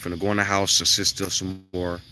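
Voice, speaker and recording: A man's voice: sits low, little pitch movement, fast talker, pushed and bright, slight background noise. A man delivering a blunt, profane, preachy monologue outdoors near his house. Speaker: self-styled spiritual vlogger. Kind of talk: ranting monologue to camera.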